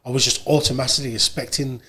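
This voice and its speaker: English male guest, medium voice, relaxed anecdotal chat. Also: mid-range voice, fast talker. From England. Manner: relaxed storytelling, animated when quoting others. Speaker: guest, radio presenter and producer. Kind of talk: casual conversation.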